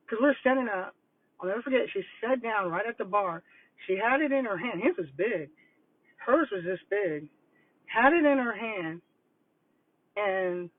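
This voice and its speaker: An older woman coaching on vision boards, telling stories in a casual, animated, rambling way. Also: a little high, no room sound. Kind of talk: casual livestream talk. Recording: tinny phone-like line, dry.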